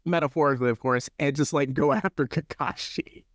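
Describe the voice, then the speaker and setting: A man in a casual podcast conversation, warmly enthusiastic about anime and laughing lightly as he talks. His pitch is mid-range, and the sound is dry and close with no echo. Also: brisk. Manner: enthusiastic, chuckles, short agreeing replies. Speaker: podcast co-host.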